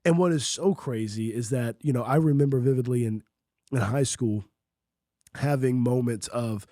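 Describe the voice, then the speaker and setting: A man co-hosting a church podcast, reflecting on his calling in quick casual chat, acting out his old thoughts. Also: medium pitch, dark tone, dry recording, studio quality. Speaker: pastor and podcast co-host.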